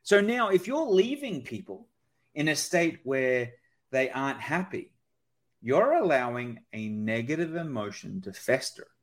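Guy on a podcast explaining stuff fast and lively, keeps saying right?. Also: mid-range voice. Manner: energetic explainer, often asks "right?". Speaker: guest expert on sales calls. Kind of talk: podcast conversation.

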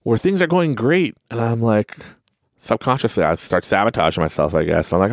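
Low gravelly man, casual self-help talk. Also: a little fast, no room sound, studio quality. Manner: rambling, laughs at his own stories. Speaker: podcast host.

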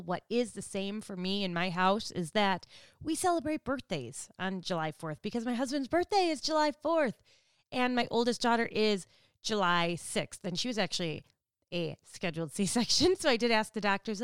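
A roughly forty-year-old vlogger from Wisconsin in the US Midwest chats casually to camera, laughing often and acting out people she quotes. Her medium-pitched voice is smooth, recorded dry with clean studio sound.

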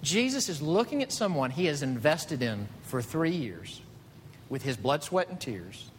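A man preaching a sermon as pastor, animated, climbing to emphatic high peaks. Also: unhurried. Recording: reverberant hall with faint rumble.

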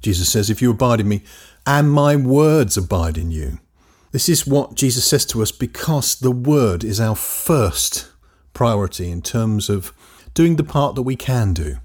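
A man teaching a Bible lesson, reading scripture aloud emphatically with dramatic pauses. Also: mid-range voice, expressive, darkish tone, breathy edge.

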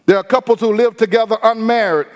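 A high-voiced man preaches with energy, slipping into the voices of the people he describes. His easygoing church talk rings through a long, echoing hall. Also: fast. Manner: animated preaching with acted-out quotes. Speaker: pastor. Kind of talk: sermon.

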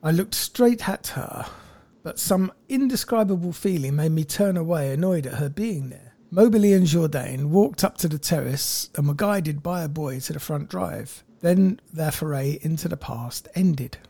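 A man's voice: fairly high pitch, animated, moderate pace, vocal fry, dark tone, no room sound. A man, co-hosting a podcast and telling a history story in a wry, jokey way from his notes. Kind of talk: casual storytelling chat.

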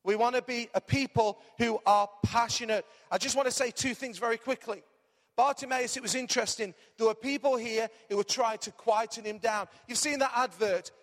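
A man preaching a lively sermon as pastor, his voice strained, calling the congregation to repeat words back. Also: very high-pitched, moderate pace, big-room sound. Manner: energetic, animated preaching with call-and-response.

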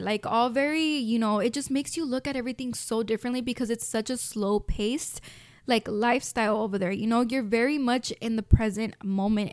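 A woman's voice: a little high, no echo, studio quality. A young adult woman with a Mexican American accent hosting a podcast, talking heartfelt and reflective to her listeners, choked up with emotion. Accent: Mexican American English with Spanish mixed in. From United States. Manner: heartfelt, talks straight to listeners as "you guys". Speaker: podcast host. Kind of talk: reflective casual monologue.

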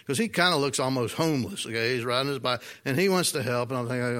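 Folksy preacher telling a story. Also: male voice, medium pitch, quick pace, hardly any pauses. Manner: folksy, animated storytelling with asides to the congregation. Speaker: pastor. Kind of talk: sermon with personal story.

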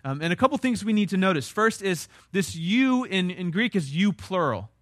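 A man's voice: high voice, big pitch swings, moderate pace, a bit bright, no echo, clean studio sound. A young man, preaching a sermon in a conversational, emphatic way. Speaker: pastor.

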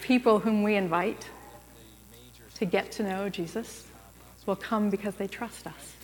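A woman's voice: medium pitch, measured pace. A woman preaching a sermon in a church, speaking conversationally and putting questions to her listeners. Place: church sanctuary. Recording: long reverb of a large room.

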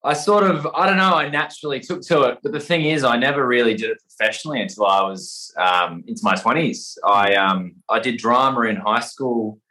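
Young Australian man, guest actor, hesitant and rambling, mid-pitched, everyday voice. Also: fairly quick, hardly any pauses, bright, forceful tone, rough recording. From Perth, Western Australia. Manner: rambling, hesitant, many fillers and restarts. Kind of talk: casual interview chat.

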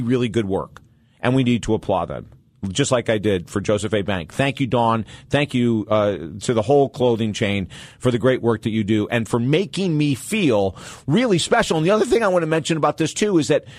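A man's voice: mid-range voice, no echo. Upbeat male radio talk show host. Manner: upbeat, storytelling, emphatic asides. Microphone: studio microphone.

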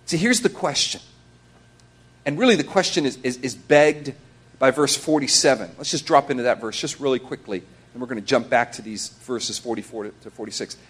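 A male pastor preaching a sermon, animated, acting out quoted voices and dropping between loud and hushed delivery. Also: medium pitch, brisk, slightly rough.

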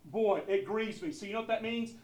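A pastor preaching a sermon, asking the congregation questions, swinging from soft asides to loud, emphatic stretches with many fillers and repeats. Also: male voice, high-pitched, brisk, roomy sound, distant mic. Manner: animated call-and-response preaching, asks the congregation questions; conversational with frequent fillers and repeated words.

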